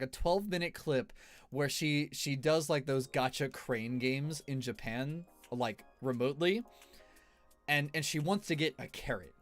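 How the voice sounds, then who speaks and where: A man streamer giving rambling, casual tier-list commentary, laughing often between fillers. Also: a little high.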